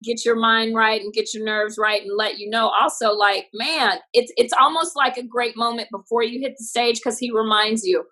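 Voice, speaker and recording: A woman comedian from Texas, telling stories in a lively interview. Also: a little high, moderate pace, hardly any pauses, poor audio. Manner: lively, acts out voices in her stories. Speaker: comedian guest. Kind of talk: animated storytelling interview.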